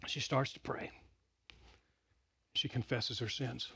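A middle-aged man preaching a sermon, telling stories with big swings from loud excitement to hushed quiet. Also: mid-range voice, takes it slowly, gravelly, breathy edge. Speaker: pastor.

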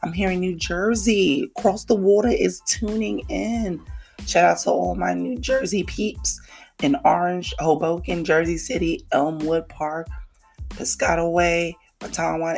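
A podcast host from New with a gravelly, croaky voice that sits at a middle pitch. The talk is a casual, hyped monologue packed with slang and quick shout-outs. Faint music plays underneath. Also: steady tone. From New York City. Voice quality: croaky, frog-like voice.

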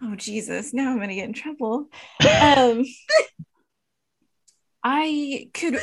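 A woman's voice: sits high, slow, pauses often, no room sound. Flustered woman improvising a wrestling promo. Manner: flustered, hesitant, laughing between lines. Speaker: player.

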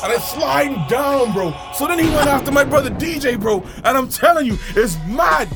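A man telling a wild childhood story in a slangy, excitable way, shouting at the big moments. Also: extremely high pitch, normal speed, over music. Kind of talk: animated casual storytelling.

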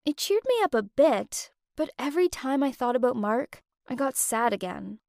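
A young woman narrates her own story in a high voice, full of feeling. The sound is dry and close, with no room echo. Her delivery swings with emotion. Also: expressive, moderate pace, gravelly, a little mellow. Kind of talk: first-person story narration.

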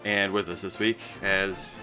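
A man's voice: deep voice, flat delivery, measured pace, over music. A man in his forties hosting a casual podcast, upbeat and jokey, often trailing off mid-sentence. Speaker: podcast host.

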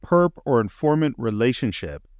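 A man's voice: medium pitch, very animated, moderate pace, a little mellow, no echo. An enthusiastic man walks through scenes of a movie on a casual podcast. His voice sits mid-range, and the recording is dry and close, with no room sound. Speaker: podcast co-host. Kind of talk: casual film discussion.

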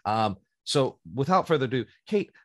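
A man's voice: medium pitch, lively intonation, moderate pace, no room sound. A man hosting a podcast in casual chat, rambling and enthusiastic and prone to tangents. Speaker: podcast host.

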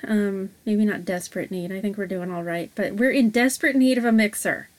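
Woman podcast co-host, mid pitch, loose rambling delivery full of hesitant fillers. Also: brisk. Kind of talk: casual podcast chat.

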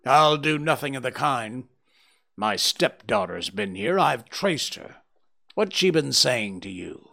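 A man voicing a furious, menacing old doctor who snarls threats in a slow, loud voice. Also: medium pitch, big pitch swings, creaky, heavily acted. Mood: angry. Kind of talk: dramatic audiobook reading.

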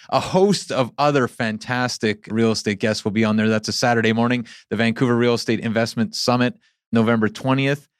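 A man co-hosting a casual podcast, reading plugs briskly in an easygoing way. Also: mid-range voice, steady tone, smooth, no room sound, clean studio sound. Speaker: podcast co-host.

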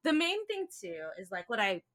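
A woman's voice: on the high side, normal speed. A woman in her thirties in casual podcast chat, talking animatedly with frequent laughs and acting out quotes. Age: 30s. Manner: animated, laughing, acts out characters' lines. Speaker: podcast co-host discussing comics.

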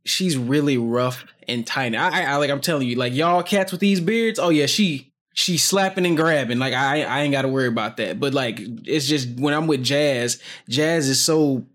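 A young man, a new father, chatting casually and telling lively stories with his friends. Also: normal speed, hardly any pauses. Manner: animated storyteller, quotes himself in higher voice. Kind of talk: casual chat among friends.

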